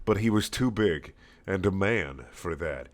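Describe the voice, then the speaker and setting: A man's voice: low-pitched, lively intonation, a little slow. A man giving a sarcastic, mocking comic reading of a fan story, swearing and cracking up as he goes. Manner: sarcastic, swearing, often laughing. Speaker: reader.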